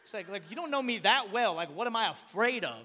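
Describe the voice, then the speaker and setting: A man preaching a storytelling sermon, animated and emphatic, repeating words and rising to shouts at his peaks. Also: high-pitched, quick pace. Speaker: pastor. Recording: long hall reverb.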